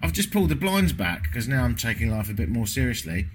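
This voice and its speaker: A man's voice: medium pitch, sing-song, fast talker, a little hiss or hum. A British man vlogging from a hotel room after a sleepless night, jet-lagged, wry and self-deprecating, swearing casually. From Britain. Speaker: travel vlogger. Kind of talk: casual travel vlog monologue. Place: hotel room with windows closed.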